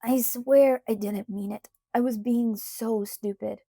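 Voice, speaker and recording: A woman voicing an eager, remorseful teenage werewolf boy in an audiobook, rushing through pleading apologies. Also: on the high side, steady tone, dark tone, slightly rough, no room sound, clean studio sound.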